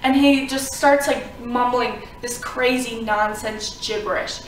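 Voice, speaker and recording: With a slightly high voice, fairly even intonation and a measured pace, a vlogger from Florida rambles through a personal story to camera. Fillers like "um" and "like" come up again and again. The recording is roomy, with a distant mic and slight background noise.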